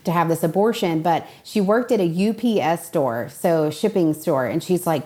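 A woman's voice: on the low side, moderate pace, few pauses, a little mellow. Earnest young woman telling a story. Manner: earnest storytelling, acts out quoted voices. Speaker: guest. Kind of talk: casual conversational interview.

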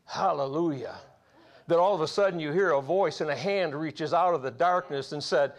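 A man's voice: a little high, a little fast. A man over forty preaching a sermon, telling folksy personal stories and laughing at his own tales. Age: 40s or older.

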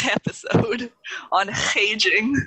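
A man's voice: sits high, drawn-out words, sharp tone, slightly rough, rough recording. A man co-hosting a podcast in casual chat, rambling with lots of fillers and frequent laughs. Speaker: podcast co-host.

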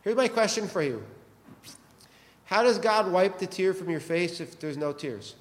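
Male pastor, high voice, chatty joking sermon, long hall reverb. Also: a little slow. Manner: conversational, joking, asks the congregation questions.

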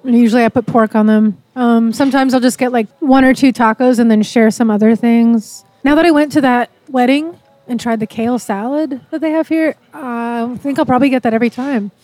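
A woman's voice: fairly high pitch, fairly quick, few pauses, warm tone, no echo, soft background music. A woman from Canada chatting casually over a meal, with lots of "like" fillers. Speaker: interviewee.

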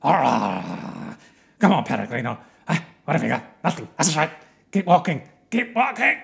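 A man voicing a taunting, aggressive farm dog that shouts jeers at passing walkers. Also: on the high side, sing-song, moderate pace, gravelly, pitched above the performer's own voice, heavily acted. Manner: loud, jeering, shouted taunts.

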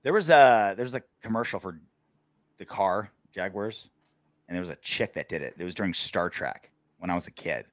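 A man's voice: low voice, expressive, moderate pace, no echo. Guy hosting a postgame show, rambly and crude, super dry mic sound. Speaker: podcast host. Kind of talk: casual sports show banter.

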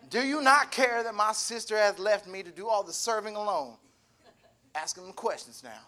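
Bright-voiced young man preaching with humor. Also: sits high. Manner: humorous, animated, acts out voices in asides. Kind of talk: sermon.

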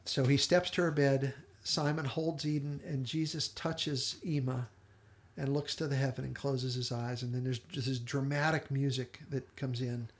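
Gravelly man retelling a TV episode. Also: medium pitch, normal speed. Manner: animated storyteller, quotes characters in brief voices, laughs often. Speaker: podcast co-host.

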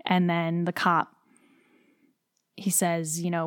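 A woman's voice: lowish voice, little pitch movement, moderate pace, creaky, no echo, studio quality. A young woman, a stage actor, chatting in an interview, talking freely with lots of "like" and getting emotional. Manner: chatty, heavy use of "like", emotional. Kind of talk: casual interview chat.

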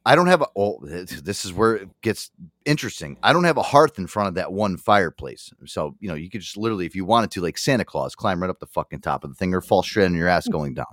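A man hosting a live show from his home studio, telling a long story in a profane, animated way. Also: low-pitched, fast, no room sound. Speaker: radio show host. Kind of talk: casual live radio banter.

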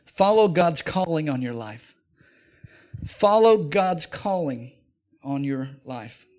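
A middle-aged man preaching a sermon as pastor, talking in an animated way and building up to near-shouted exhortations. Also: on the high side.

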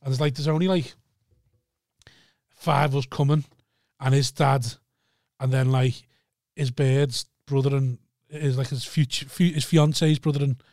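A man's voice: mid-range voice, fairly even intonation, unhurried, pauses often, darkish tone, dry recording, studio quality. A young man, chatting casually and telling a rambling, sweary story, often laughing. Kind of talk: casual chat.

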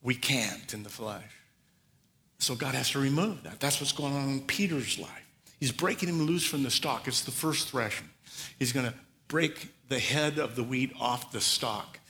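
A man preaching a sermon, telling the story with lively acted-out asides. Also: medium pitch, normal speed, big-room sound. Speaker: pastor.

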